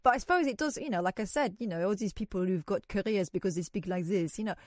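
A woman's voice: medium pitch, quick pace, a little mellow, dry recording, studio quality. A woman hosting a radio phone-in, chatting with a caller and laughing easily. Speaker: radio host. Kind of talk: late-night phone-in chat. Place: radio studio. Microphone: studio mic.

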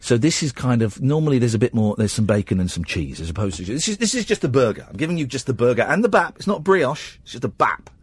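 A man's voice: mid-range voice, sing-song, fast, few pauses, husky, no room sound, studio quality. A man with an English accent hosting a late-night radio phone-in, rambling and teasing with lots of stammered restarts. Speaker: radio host. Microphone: studio microphone.

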